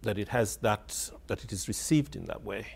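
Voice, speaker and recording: An author interviewed on radio reminisces reflectively, his fairly low voice creaky, husky and a little mellow at a moderate pace. He hesitates and repeats words while searching for phrasing, laughing wryly as he tells a story.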